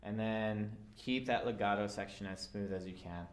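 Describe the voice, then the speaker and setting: A man teaching a violin part, calm and patient, with frequent fillers as he explains. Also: fairly low pitch, normal speed. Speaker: orchestra teacher. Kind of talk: instructional walkthrough.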